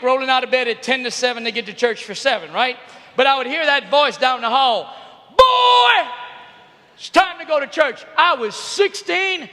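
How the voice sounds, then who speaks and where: A middle-aged man giving a comedic talk to teens, telling animated stories and often shouting. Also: very high voice. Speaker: youth speaker. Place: large arena. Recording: long echo of a big arena.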